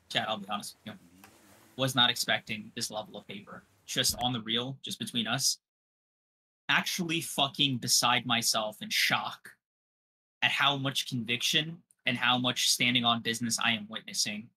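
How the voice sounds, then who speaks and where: Brash, bright-voiced young man. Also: medium pitch, steady tone, moderate pace, slightly rough. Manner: brash, profane trash talk. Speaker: podcast co-host. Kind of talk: casual livestream chat.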